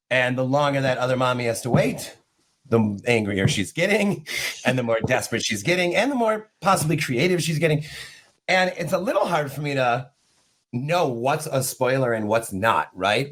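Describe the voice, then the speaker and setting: A middle-aged male author, talking in an animated, chatty way. He tells stories with quick asides and laughter, heard over a remote call. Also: mid-range voice. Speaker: author guest. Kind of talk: casual chat.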